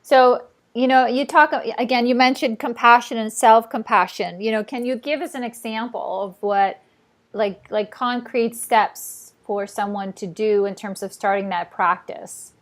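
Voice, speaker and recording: A woman's voice: a little high, unhurried. A woman hosting an interview, asking questions and reflecting on her own experience in a conversational way. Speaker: interview host.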